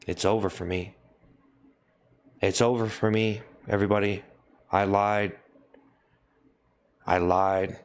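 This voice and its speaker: A man hosting a livestream, repeating a deadpan mock confession over and over. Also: fairly low pitch, takes it slowly, long pauses, clear, resonant tone. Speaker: livestream host. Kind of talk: mock-solemn livestream apology.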